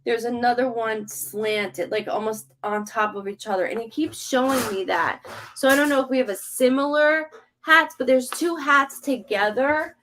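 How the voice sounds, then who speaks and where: A woman's voice: a little high, fairly bright tone, slight background noise. A woman psychic medium giving casual live-stream readings, chatty and rambling with lots of "like" and "um", passing spirit messages on to viewers.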